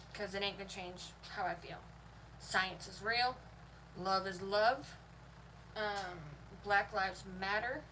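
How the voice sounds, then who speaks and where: A woman's voice: medium pitch, bright, forceful tone. A young woman ranting to camera in a heated, profane, emphatic way. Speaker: vlogger. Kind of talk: heated opinion rant to camera. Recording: voice a bit far from the mic, faint noise.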